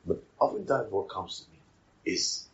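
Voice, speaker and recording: A man's voice: lowish voice, sing-song, normal speed, muffled recording. A man preaching a sermon, repeating his phrases and putting rhetorical questions to the congregation.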